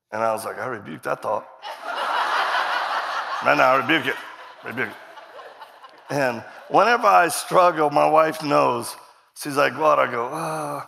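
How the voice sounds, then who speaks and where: This man has a fairly high, creaky voice with a sharp edge, and there is slight background noise. As a guest speaker at a church sermon, he tells a joke-laden story at his own expense and mimics the people he quotes. He stands on a church stage facing a congregation, and the sound carries a long hall reverb.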